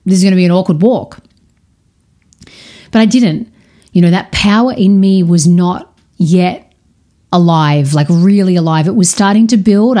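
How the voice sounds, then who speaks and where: Woman, thirties, low and mellow voice, blunt candid storyteller who curses freely. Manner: frank, swears freely, many restarts.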